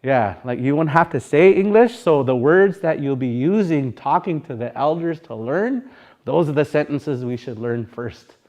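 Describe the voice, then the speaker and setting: A man's voice: a little high, lively intonation, moderate pace, darkish tone. A man with a Sioux Valley Dakota accent teaching a live language class, talking informally and rambling, singing phrases to show how they should sound.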